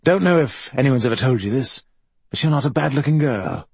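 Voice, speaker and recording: A swaggering, foul-mouthed middle-aged film star with a Welsh accent, voiced by a male audiobook reader. His husky voice sits higher than the reader's own, and he rambles and boasts in a loud, brash manner. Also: expressive, fairly quick, no room sound. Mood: rueful.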